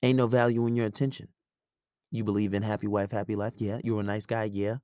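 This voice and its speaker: A man's voice: fairly low pitch, level tone, fast, a little mellow, clean tone, no echo, studio quality. A man hosting a podcast, giving relationship advice in a blunt, profane, rambling casual monologue.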